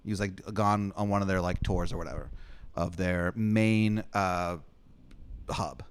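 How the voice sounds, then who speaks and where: A man running a comedic improvised story game in a rambling, deadpan way, swearing casually. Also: sits low, unhurried, clear, resonant tone. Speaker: game master.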